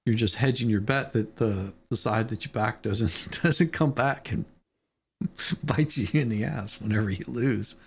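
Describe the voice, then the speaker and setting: A man's voice: lowish voice, a little slow, gravelly, slight background noise. A man hosting a casual live-stream chat, telling stories with laughter and casual swearing. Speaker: show host.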